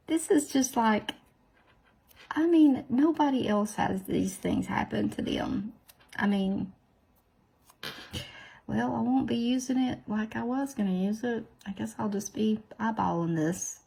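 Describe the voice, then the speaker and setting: A woman's voice: mid-range voice, gravelly, darkish tone, slightly rough. A woman hosting a nail video, chatting casually, self-deprecating and full of exclamations. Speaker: nail tutorial host. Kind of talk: casual chat while doing nails.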